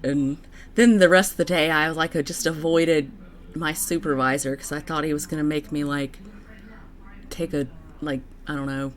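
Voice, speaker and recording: A woman's voice: low voice, fairly even intonation. Rambling young woman chatting to camera. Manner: rambling, halting, with many fillers and restarts. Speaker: vlogger. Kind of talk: casual personal chat to camera.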